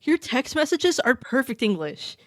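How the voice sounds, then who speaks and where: A woman streamer in casual chat with her viewers, quick to laugh and easily excited. Her voice sits a bit higher than most, and the sound is dry and close with no room echo. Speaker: live streamer.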